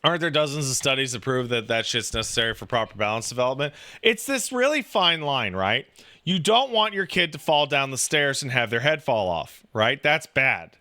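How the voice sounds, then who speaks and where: A man's voice: mid-range voice, normal speed. A man chatting casually, rambling and swearing, packing his talk with "like" and acting out the voices in his stories. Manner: profane, rambling, animated storytelling with acted-out quotes; filler-heavy, says "like" constantly. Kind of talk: casual chat.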